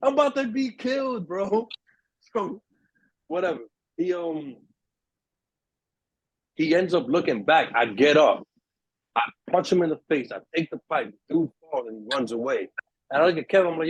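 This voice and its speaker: A young man spins a story for his friends on a podcast, jumping into high, excited voices for the people in it. His voice is a little husky, and the room sounds dry and close. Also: moderate pace, long pauses, no room sound, low-quality recording. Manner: animated storyteller, acts out voices in quotes. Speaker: podcast host. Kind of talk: casual storytelling among friends.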